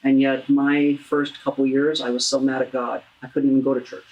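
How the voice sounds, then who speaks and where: Brief: low-voiced female host, earnest and halting, interview on grief. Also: flat delivery, darkish tone, rough recording. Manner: earnest, halting, with many restarts. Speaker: talk show host. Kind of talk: heartfelt interview about grief.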